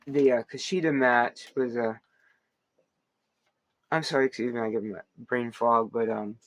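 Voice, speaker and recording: A man's voice: medium pitch, steady tone, a little slow, no room sound. A man hosting a wrestling podcast, giving a casual, rambling recap full of fillers, restarts and playful asides.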